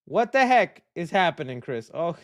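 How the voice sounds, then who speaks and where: Man, livestream host, casual commentary, chatty, lively pitch. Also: normal speed. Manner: animated, laughs often, chatty asides. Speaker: host of a movie news livestream.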